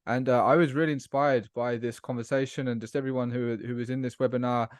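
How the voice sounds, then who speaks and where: A man's voice: medium pitch, fairly even intonation, fast talker, no room sound, clean studio sound. A man with a British accent hosting a podcast, introducing his guest with enthusiasm and asking him questions. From British Isles. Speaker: podcast host. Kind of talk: conversational podcast interview.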